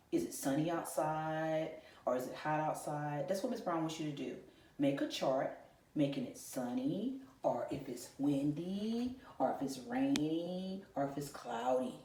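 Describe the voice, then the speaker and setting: Encouraging and full of questions for the kids, this female teacher leads an online lesson for kindergarten and first grade from a classroom. Her voice is deep and mellow. The room has an echo, and the mic picks her up from a bit of a distance.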